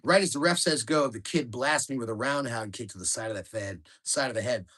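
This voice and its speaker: Man reading his own memoir, mid-pitched, steady storytelling delivery. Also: brisk. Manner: plain storytelling, shouting out quoted lines. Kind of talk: audiobook memoir narration.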